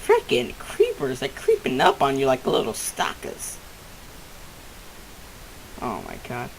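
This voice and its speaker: A jumpy, excitable man chatting through a let's-play at home, his commentary wandering from one thought to the next. His voice sits in a middle pitch, and a faint hiss runs under the recording. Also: slow, gravelly, low-quality recording. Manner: excitable, rambling, easily startled. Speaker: gamer.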